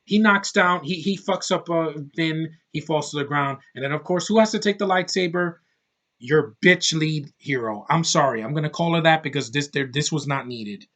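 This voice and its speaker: A man's voice: a little high, moderate pace, fairly bright tone. A man in his thirties giving a casual, ranting film review, blunt and profane, rambling with lots of fillers. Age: 30s. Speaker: movie reviewer.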